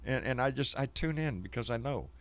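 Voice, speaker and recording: A man co-hosting a casual live show, chatting about politics and getting heated and animated when passionate. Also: medium pitch, a little fast. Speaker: co-host.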